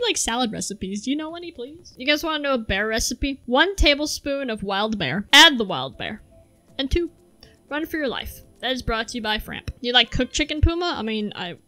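A woman in her twenties streaming a racing game, chatting casually, excitable and jokey and breaking into silly sound effects. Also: on the high side. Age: 20s. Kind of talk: casual gameplay commentary. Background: faint game music.

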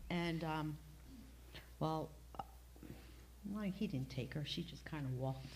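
Woman with a lowish voice, rambling testimony. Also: darkish tone, a little hiss or hum. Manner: rambling, halting, with many fillers and restarts. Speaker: class member giving a testimony. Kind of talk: emotional personal testimony. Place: church classroom.

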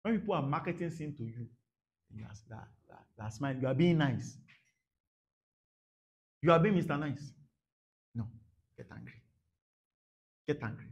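A man delivering a sermon in a high, sing-song voice that leaps about in pitch. He drops into quiet murmurs, then shouts, repeating phrases to drive them home. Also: lively intonation, normal speed, pauses often. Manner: dramatic, swings from soft murmurs to shouted bursts; repeats phrases for emphasis, laughs at his own points. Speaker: pastor.

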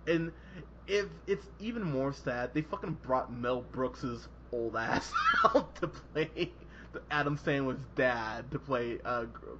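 Speaking slowly at a medium pitch, this man rambles through a movie review on a podcast, swearing casually, laughing, and performing quoted scenes in animated voices. The podcast audio is dull and lo-fi, with noise in the background.

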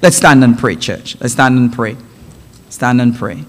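A man preaching a sermon in a church, telling a story with emphatic, animated delivery and brief character voices. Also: mid-range voice, a little slow. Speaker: pastor. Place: church sanctuary. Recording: long church hall reverb.

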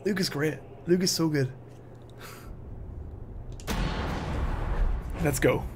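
Male streamer, excitable, sweary, high voice, loud game noise behind. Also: drawn-out words. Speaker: livestreamer. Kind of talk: casual gameplay commentary.

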